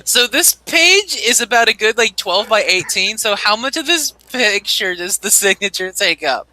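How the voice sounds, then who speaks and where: Guy running a tabletop game, bright sharp voice, kinda high, hedges a lot when he describes stuff. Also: normal speed, low-quality recording. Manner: animated, chuckling, lots of "kind of" while describing scenes. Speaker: game master.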